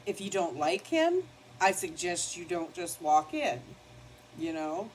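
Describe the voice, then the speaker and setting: A woman's voice: fairly low pitch, sing-song, a little slow, a little hiss or hum, rough recording. An older woman chatting casually while doing her makeup at her home vanity, rambling and now and then scolding her dog. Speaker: beauty vlogger. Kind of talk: casual get-ready-with-me chat.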